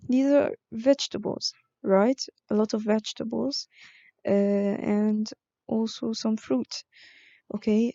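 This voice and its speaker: A woman teaching an online vocabulary lesson, explaining words slowly with frequent fillers. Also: a little high, gravelly, dark tone, no room sound, muffled recording. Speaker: English teacher.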